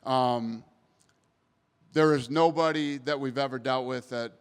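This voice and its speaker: A man's voice: medium pitch, fairly even intonation, a little slow, clean tone. A man answering reporters at a press scrum, blunt and emphatic, swearing casually. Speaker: promotion CEO at media scrum. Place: post-event press area. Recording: long hall reverb.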